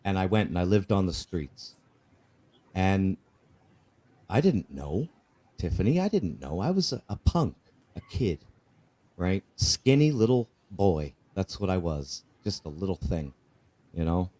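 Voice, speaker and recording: A man's voice: low voice, lively intonation, unhurried, long pauses, dark tone. A man telling his personal testimony in an earnest, candid way, often repeating himself and asking "right?". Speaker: guest sharing his life story.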